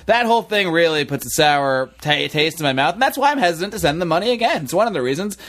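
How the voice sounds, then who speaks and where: A man's voice: fairly high pitch, expressive, fast talker, fairly bright tone. Wry, candid man hosting a podcast. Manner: candid, wry, self-mocking. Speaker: podcast host. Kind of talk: casual political chat.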